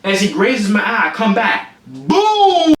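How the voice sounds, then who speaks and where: A man's voice: high-pitched, moderate pace, roomy sound. A young man streaming, telling a story with lots of energy and acting it out with sound effects. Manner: excitable, acts out the scene with sound effects. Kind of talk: animated storytelling on a livestream.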